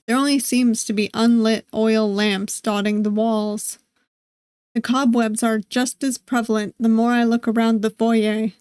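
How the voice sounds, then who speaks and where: A woman streamer reading a visual novel aloud, with steady narration and playful asides. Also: a little high, clean tone, dry recording. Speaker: gaming streamer.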